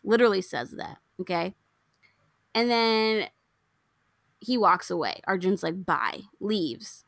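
A woman with a medium-pitched, creaky voice speaks slowly, with no echo in the recording. As a podcast co-host in a casual movie recap chat, she animatedly retells a film and acts out its lines.

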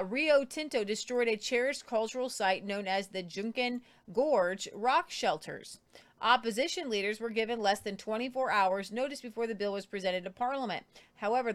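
A woman co-hosting a talk show, reading news articles aloud and commenting on them, with frequent ums and restarts. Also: on the high side. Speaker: co-host.

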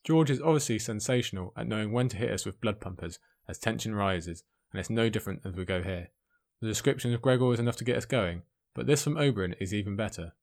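A man giving an excited commentary on a fantasy book, speaking emphatically between the passages he reads out. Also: fairly low pitch, fast. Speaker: book reviewer.

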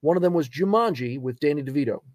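A man in his thirties co-hosting a podcast, telling family stories in a casual, animated way and laughing along. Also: a little high, fast, no echo. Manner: animated storyteller, laughs through his anecdotes. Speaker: podcast co-host. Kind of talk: casual chat.

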